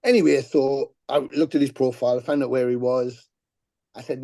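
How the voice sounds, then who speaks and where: A middle-aged man, a musician guest telling profane, animated stories on a podcast and acting out the people he quotes. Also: mid-range voice, normal speed, gravelly, no echo. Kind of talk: casual podcast storytelling.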